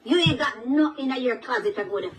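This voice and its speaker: A woman with a Jamaican accent in an angry social media rant, taunting, cursing and shouting with mocking laughter. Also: on the high side, animated, a little fast, far from the mic, noisy background.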